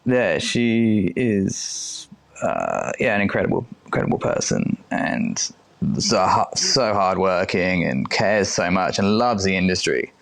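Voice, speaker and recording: A man's voice: low-pitched, animated, takes it slowly, vocal fry, fairly bright tone. A man in his thirties, a chef who is a guest on a podcast, talking casually, swearing easily and acting out what others said. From United Kingdom. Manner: chatty, swears casually, acts out quoted speech. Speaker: chef and restaurant owner, guest. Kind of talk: casual interview chat.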